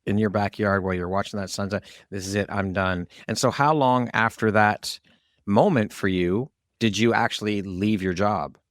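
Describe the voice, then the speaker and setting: Low-voiced podcast host guy, earnest and gushing, dry mic sound. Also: normal speed, no room sound. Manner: effusive, earnest interviewer. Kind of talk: podcast interview.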